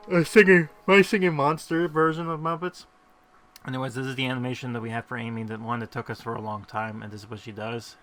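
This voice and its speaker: A man hosting a gaming video speaks in a sharp, mid-range voice. While playing, he offers casual, wandering commentary, makes fun of himself, and uses frequent fillers.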